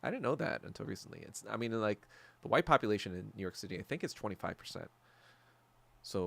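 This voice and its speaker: Man, podcast host, gravelly voice, low pitch, blunt profane rant. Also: a bit bright. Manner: profane ranting with many filler likes; blunt, jumpy topic changes. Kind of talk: solo livestream chat, answering viewers.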